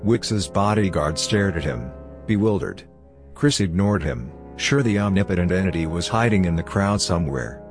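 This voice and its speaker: A man narrating a story in a steady, measured scripted reading. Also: low-pitched, soft background music. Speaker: audiobook narrator.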